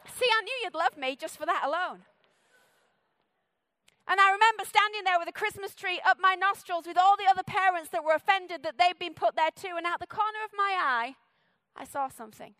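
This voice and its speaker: High, bright fast-talking woman preacher. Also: dry recording. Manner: fast-talking, playful, energetic. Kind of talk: sermon. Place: church stage.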